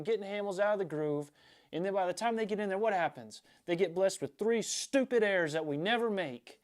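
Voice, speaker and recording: A man's voice: sits high, fairly bright tone. A man ranting as a frustrated fan in a sports vlog.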